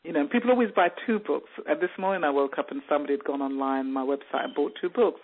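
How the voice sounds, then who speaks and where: A woman in her fifties, an author from Jamaica, telling stories in a phone interview with lively restarts and fillers. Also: low voice, quick pace, husky. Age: 50s. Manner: animated storyteller with many restarts and fillers. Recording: tinny phone line.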